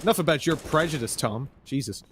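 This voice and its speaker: A man's voice: on the high side, lively intonation, a little fast, a bit bright, a little hiss or hum. A man casting an esports match, rambling into joking asides between plays. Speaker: esports caster. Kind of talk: casual game commentary banter.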